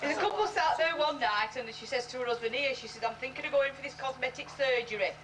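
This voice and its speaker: A woman's voice: high voice, fast, a crowd in the background. A woman telling crude pub jokes, acting out the characters' voices as she goes. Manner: lively storytelling, mimics characters' voices. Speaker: joke teller. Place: social club gathering. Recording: distant room recording with background noise.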